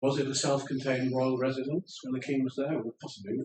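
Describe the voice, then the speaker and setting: A man's voice: mid-range voice, fairly even intonation, brisk, darkish tone. Guy giving a slide talk, kinda wandering and wry, sounds off-mic in an echoey room. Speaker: lecturer. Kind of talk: public lecture with slides. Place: lecture room in an old house. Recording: roomy room, speaker far from the mic, faint ambience.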